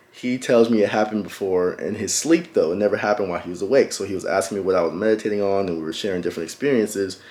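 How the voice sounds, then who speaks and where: A young man with a lowish voice recounts a personal experience to his viewers. He is reflective and often stops mid-thought to reach for the right words, with plenty of fillers along the way. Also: darkish tone. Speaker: vlogger. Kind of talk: personal storytelling.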